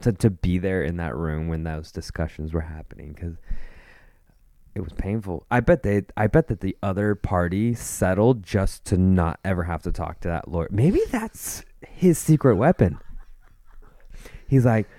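A man chatting on a podcast, his voice low and mellow. He tells a story in a loose, animated way, swearing freely. The sound is dry and close. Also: normal speed, no room sound. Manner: animated, swearing, quoting others. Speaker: podcast co-host. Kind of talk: casual storytelling chat.

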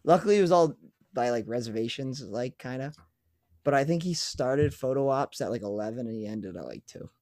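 Young male podcast co-host, excited storyteller, casual swearing, dry close sound. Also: medium pitch, fairly quick, dry recording. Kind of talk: casual chat.

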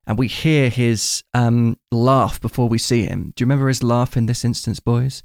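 A man's voice: medium pitch, fairly even intonation, moderate pace, vocal fry, a little mellow, no echo, clean studio sound. A man hosting a casual film chat, enthusiastically retelling scenes at length.

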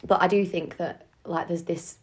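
A woman's voice: lowish voice, steady tone, moderate pace. A young woman hosting a podcast, chatting casually with many "like"s and "um"s. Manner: chatty, lots of "like" and "um". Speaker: podcast host. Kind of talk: casual chat.

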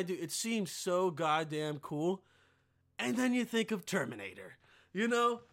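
A young man hosting a podcast, riffing in a rambling, profane, casual comedic rant and now and then bursting into loud yelled impressions. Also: high voice. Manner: rambling, profane, full of filler.

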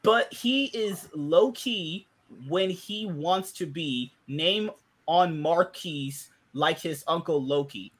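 A man's voice: fairly high pitch, slow, breathy edge. A man hosting a casual podcast chat, talking animatedly and often exclaiming in disbelief. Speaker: podcast host.

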